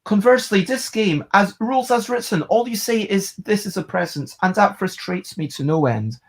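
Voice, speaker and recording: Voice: mid-range voice, lively intonation, normal speed. A board game reviewer, giving a casual, rambling video review and thinking aloud.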